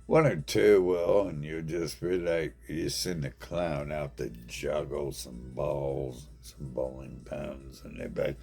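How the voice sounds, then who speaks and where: A man with a very low, gravelly voice and a dark, heavy tone, talking slowly in a rambling monologue to camera. He mumbles and halts between phrases with a flat, deadpan delivery. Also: faint music behind.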